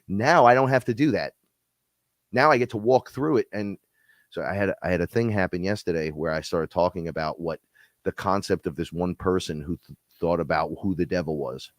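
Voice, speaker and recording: A man with a very low, stuffy-nosed voice co-hosts a spiritual live stream. He rambles in a lively, profane way and laughs as he talks. The sound is dry and close. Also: no room sound. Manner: animated, profane, laughs often. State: stuffy nose.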